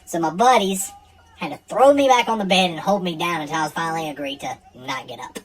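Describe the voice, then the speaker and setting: A man's voice: high voice, fast talker, low-quality recording. A man telling a true personal story in a casual, blunt and profane way.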